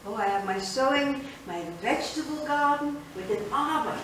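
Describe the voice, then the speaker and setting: An actress in a solo theatrical monologue, playing an older immigrant grandmother who tells her story with expressive, indignant energy, recorded from a distance in an echoey theater. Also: high-pitched, normal speed, slight background noise. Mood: recounting. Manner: expressive storytelling, switching between wistful and fiery. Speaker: solo stage performer. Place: theater stage.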